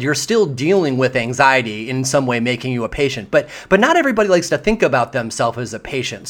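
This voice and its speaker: A man hosting a podcast interview, chatting in a relaxed way with fillers. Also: medium pitch. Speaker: podcast host. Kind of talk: conversational interview.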